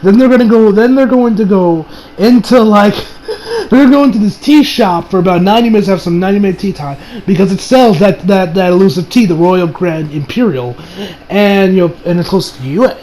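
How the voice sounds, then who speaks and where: A man's voice: high voice, lively intonation, brisk, mellow, low-quality recording. A young man reviewing an anime episode in casual chat, rambling with restarts and swearing freely.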